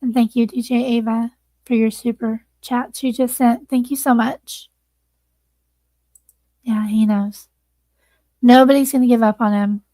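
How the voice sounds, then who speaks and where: A woman's voice: on the high side, fairly even intonation, a little slow, long pauses, dark tone, no echo. Emotional woman livestream host. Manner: emotional, earnest, thanking viewers. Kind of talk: casual livestream sign-off.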